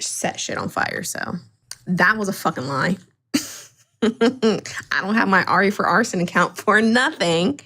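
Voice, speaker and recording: A woman's voice: lowish voice, fairly bright tone. A woman co-hosting a livestream in casual chat, blunt and profane, mocking people in the chat.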